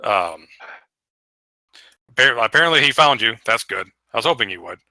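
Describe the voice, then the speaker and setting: A man voicing a gruff male frost giant warrior who talks bluntly and curses impatiently. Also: medium pitch, lively intonation, moderate pace, sharp tone, dry recording, full character voice.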